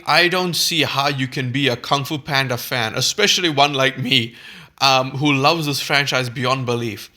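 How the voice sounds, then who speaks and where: A man's voice: medium pitch, pushed and bright. A man giving a heated, exasperated film review, swearing freely and stumbling over restarts when worked up.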